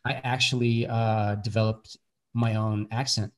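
Earnest Bulgarian-born actor, chatty guest. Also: male voice, lowish voice, little pitch movement, a little slow. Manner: earnest, many restarts and fillers. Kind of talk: casual interview chat.

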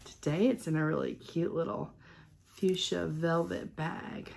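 A middle-aged woman vlogging at home in a casual unboxing chat, gushing and excitable. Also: low voice, measured pace, gravelly. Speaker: stitching vlogger. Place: at home with a cat.

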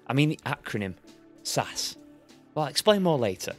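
A man's voice: medium pitch, very animated, moderate pace, soft background music. Upbeat man hosting a podcast. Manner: upbeat and jokey, laughs easily. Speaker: podcast host. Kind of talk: scripted intro and casual interview.

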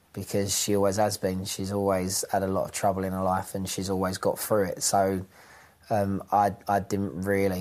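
A man in a documentary interview, speaking reflectively and haltingly with frequent pauses and restarts. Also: low voice, a little mellow.

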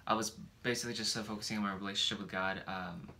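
Hesitant young man with a bright tone. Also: lowish voice, steady tone, very fast, slight background noise. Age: 20s. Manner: hesitant, many fillers and restarts. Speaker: boyfriend guest. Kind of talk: casual couple Q&A.

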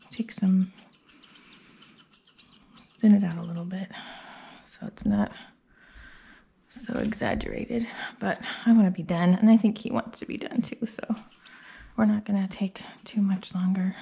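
A woman's voice: medium pitch, lively intonation, a little slow, vocal fry, pauses often, mellow, breathy edge. A young woman dog groomer chatting casually as she works on a dog, a little out of breath. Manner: chatty, thinks aloud, coos at the dog. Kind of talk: casual grooming vlog narration. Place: grooming salon.

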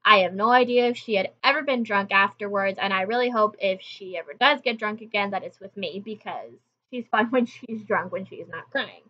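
Here a young woman runs her own channel and spins a chatty, casual story aimed right at her viewers. Her voice sits at a medium pitch and moves at a moderate pace, captured with lo-fi sound.

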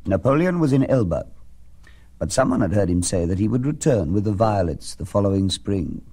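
A man narrating a scripted historical documentary in a measured, grave, theatrical way. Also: fairly low pitch, very animated, mellow, slightly rough, faint music behind.

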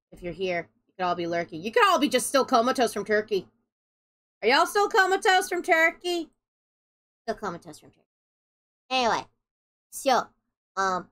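A woman's voice: high voice, a bit bright. A woman chatting casually on a game stream, goofy and rambling, swearing as she goes. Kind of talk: casual live-stream chat.

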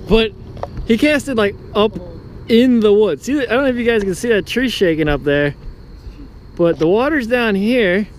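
A man hosting a fishing vlog from a boat, casual and excitable, hollering when he lands a fish. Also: high voice, unhurried, pauses often. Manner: excitable, hollers over catches. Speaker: fishing vlogger. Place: outdoors on a small fishing boat. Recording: noisy outdoor boat audio.

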